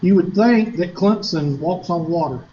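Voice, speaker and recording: A man's voice: high-pitched, measured pace, highs cut off. Joking Southern man teaching math. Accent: Southern US, South Carolina. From Upstate South Carolina, US. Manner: chatty, joking, asks rhetorical questions. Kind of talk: classroom lecture with digressions. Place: classroom.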